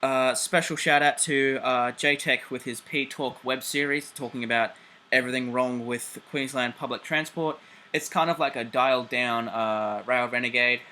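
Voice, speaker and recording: An Australian man hosting a casual railway vlog, excitable and chatty, swearing freely and filling pauses with "uh". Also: medium pitch, a little hiss or hum. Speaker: railway channel host.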